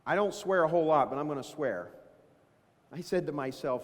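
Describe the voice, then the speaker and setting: A man in his fifties delivers a motivational business talk from a stage, his fairly high voice ringing with the long reverb of a large hall. He speaks in a folksy storytelling way, full of self-deprecating asides. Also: expressive, fairly quick. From Dayton, Ohio. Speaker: keynote speaker.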